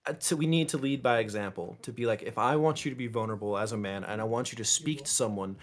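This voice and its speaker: A man guest in a casual podcast chat, talking openly and getting animated as he tells stories. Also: medium pitch, fast talker. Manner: open and animated, breaks into laughs and silly voices when telling stories. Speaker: interview guest.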